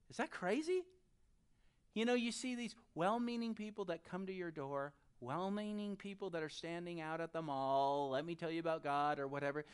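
Animated pastor preaching a sermon. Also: mid-range voice. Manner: animated, swings between loud and soft; addresses the audience directly.

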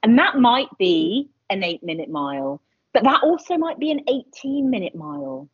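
A woman in her forties chatting casually as a podcast guest, animated and quick to laugh. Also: mid-range voice, husky, no echo. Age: 40s. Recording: dull lo-fi sound.

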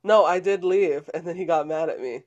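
Young man, higher register, lively laughing co-host. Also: moderate pace, highs cut off. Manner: animated storyteller, laughs often. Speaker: podcast co-host. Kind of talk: casual chat.

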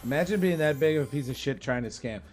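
A man co-hosting a slots stream, chatting casually and shouting when excited. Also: medium pitch, fast. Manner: excitable, shouts at big moments.

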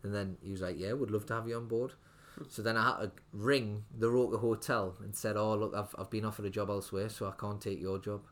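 A man's voice: fairly low pitch, steady tone, fairly quick, few pauses. A young man, a restaurant owner telling his story in a casual interview, rambling with lots of fillers and restarts. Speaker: restaurant owner, podcast guest.

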